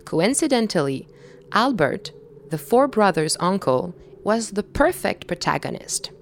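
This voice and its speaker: A woman in her thirties from Quebec, a native French speaker with a Québécois French accent, narrating a documentary in a measured, thoughtful way. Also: mid-range voice, very animated, slight background noise. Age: 30s. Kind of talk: reflective scripted narration.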